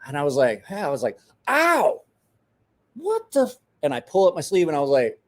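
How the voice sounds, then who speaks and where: A man's voice: medium pitch, expressive, very fast, dark tone. A man in his forties, a podcast host telling a rowdy story in casual chat, swearing, laughing and acting out the voices of the people he quotes.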